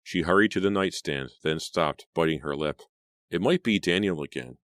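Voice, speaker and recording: A man narrating an audiobook in a steady storytelling manner. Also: deep voice, normal speed, no room sound, studio quality.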